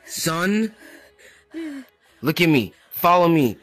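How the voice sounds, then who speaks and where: A man hosting a Minecraft roleplay. His voice sits somewhat high for a man, and he talks in firm, repeated commands. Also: big pitch swings, slow pace, poor audio. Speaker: roleplay channel host.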